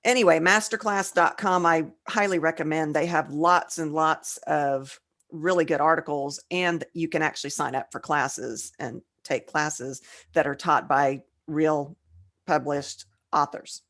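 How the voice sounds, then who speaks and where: A woman's voice: deep voice, fairly even intonation, a bit bright. A woman co-hosting a casual writing podcast, trading jokes and reading definitions aloud, a little tipsy. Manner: joking, reads definitions aloud slowly. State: tipsy, slurring slightly. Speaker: podcast co-host. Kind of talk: casual chat.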